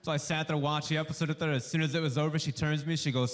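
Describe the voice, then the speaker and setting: A male stand-up comedian doing a warm-up set for a studio audience, delivering punchy jokes and acting out bits of dialogue. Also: fairly high pitch, fairly even intonation, quick pace, a little hiss or hum. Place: live comedy show before a studio audience.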